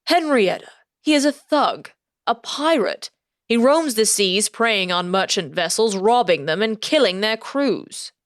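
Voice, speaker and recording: A woman doing a grave, formal gentleman. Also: mid-range voice, animated, unhurried, no room sound, studio quality, natural voice. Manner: formal, solemn. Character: grave, courteous gentleman bearing bad news.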